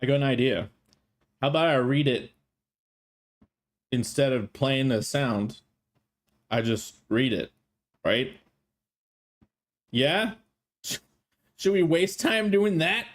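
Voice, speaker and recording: A man's voice: mid-range voice, lively intonation, slow pace, pauses often. A male streamer with a strained throat, chatting in a playful, jokey way and swearing freely. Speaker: streamer, host. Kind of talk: casual live-stream chat.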